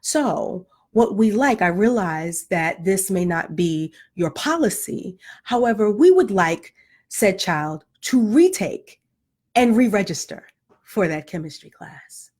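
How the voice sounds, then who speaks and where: A woman's voice: medium pitch, animated, a little mellow, husky, voice pushed down. A woman putting on a prim, polished phone voice. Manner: slow, overly proper, formal diction.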